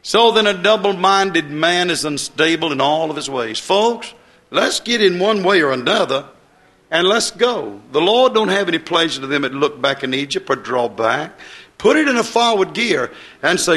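A man preaching a sermon in a folksy, excitable way, swinging between loud bursts and soft asides. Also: high voice, moderate pace.

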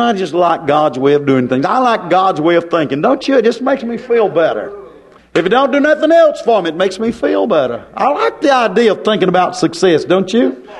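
A middle-aged man, preaching a folksy, emphatic sermon full of rhetorical questions. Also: sits high.

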